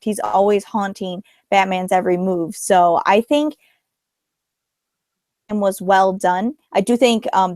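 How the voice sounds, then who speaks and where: A woman giving a measured, reasoned opinion in a casual podcast film discussion. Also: mid-range voice, darkish tone, no room sound. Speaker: podcast panelist.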